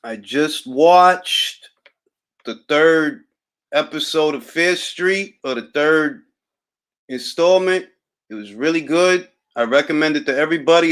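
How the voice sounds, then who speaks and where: A young man from Harlem talks with a relaxed New York accent, hosting a casual boxing livestream. He answers viewer comments in an easy, drawling way that turns wry and a little boastful. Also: fairly high pitch. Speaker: boxing talk host reading live chat.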